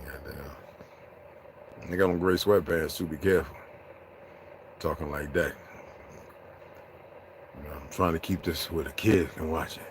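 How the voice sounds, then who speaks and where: A man's voice: a little slow, pauses often, slight background noise. A man hosting a casual, joking chat with his viewers, laughing often. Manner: loose, joking, laughs often, slips into high excited voices. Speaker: channel host.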